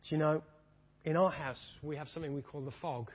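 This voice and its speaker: Male preacher, fervent and repetitive, slightly husky voice, dull lo-fi church recording. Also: a little high, fairly even intonation, brisk. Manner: fervent, rising and falling, repeats phrases. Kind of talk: sermon. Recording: dull reverberant hall sound.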